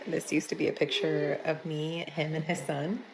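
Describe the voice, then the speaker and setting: An agitated woman filming herself with a phone, shrieking at times. Her voice is low and gravelly, picked up from a distance with faint noise behind it. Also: flat delivery, normal speed. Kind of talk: phone video rant.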